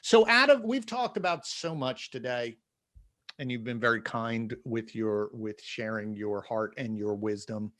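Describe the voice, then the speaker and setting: A man hosting a podcast interview, speaking in an effusive, encouraging way with halting restarts. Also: medium pitch, vocal fry, fairly bright tone, no room sound, clean studio sound. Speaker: podcast host.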